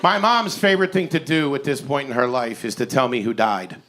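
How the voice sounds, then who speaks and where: A man in his forties performing a stand-up comedy set on stage, with an animated, incredulous, ranting delivery. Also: medium pitch, a little fast, some chatter behind, a little hiss or hum. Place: comedy stage before a live audience.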